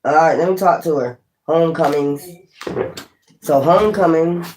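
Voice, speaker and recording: A woman's voice: low-pitched, moderate pace. Woman tarot reader, live-stream chat, rambling, addresses viewers directly, faint background noise. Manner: rambling, talks straight to viewers.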